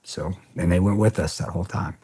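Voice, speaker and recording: A man being interviewed on a podcast, telling a story in a casual, animated way, swearing often and saying "man" a lot. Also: low voice, fairly quick, husky. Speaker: podcast guest, former soldier.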